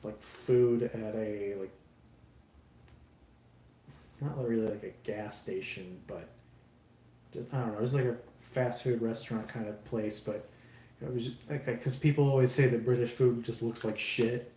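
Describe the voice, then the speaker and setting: A man's voice: mid-range voice, steady tone, a little slow, long pauses, mellow. A man live streaming while building a model kit, chatting casually with viewers in a rambling, self-deprecating way and swearing freely. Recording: roomy echo, faint background noise.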